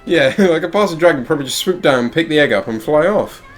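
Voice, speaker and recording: A man's voice: on the high side, expressive, fast talker. Rambling, hesitant British man chatting. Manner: rambling, hesitant, laughs often. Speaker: co-host. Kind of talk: casual chat. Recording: faint music under the voice.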